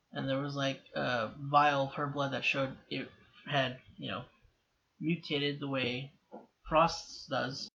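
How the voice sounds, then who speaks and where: A man's voice: mid-range voice, pushed and bright, lo-fi sound. A young American man casually rambling through a TV episode reaction, with many restarts and laughs. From United States. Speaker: TV reaction host.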